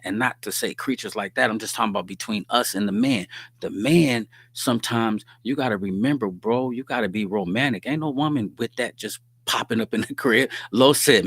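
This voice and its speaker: A man's voice: medium pitch, fairly bright tone, breathy edge, no echo. A middle-aged man, hosting a casual talk stream, telling stories in slang and reading viewer comments. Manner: streetwise slang, storytelling, frequent "you dig what I'm saying". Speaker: host.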